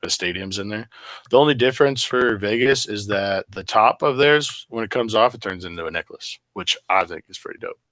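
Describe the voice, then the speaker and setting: A man's voice: lowish voice, brisk, fairly bright tone, dry recording. A man co-hosting a casual podcast over a video call, joking, laughing often and rambling. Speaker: podcast co-host. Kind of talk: casual chat. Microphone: remote video call.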